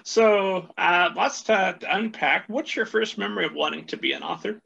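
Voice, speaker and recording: A man's voice: high voice, moderate pace, vocal fry, sharp tone, breathy edge, dull audio. A man hosting a podcast interview, jokey and playful, often stumbling over his words. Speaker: podcast host.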